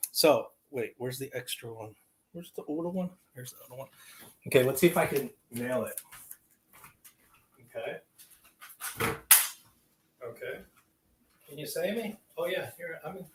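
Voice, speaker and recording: A man talking casually to camera during an unboxing, rambling and swearing, with loud bursts of excitement, recorded at home on a camera mic. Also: mid-range voice, a little hiss or hum, low-quality recording. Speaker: vlogger. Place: someone else's home. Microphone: external mic on camera.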